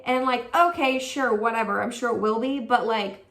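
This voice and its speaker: A woman's voice: a little high, normal speed, a bit bright, recorded from a distance. Chatty young woman, roomy and off-mic. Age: young adult. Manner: chatty, many "like" fillers, reenacts quotes. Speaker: vlogger. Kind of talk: casual storytelling.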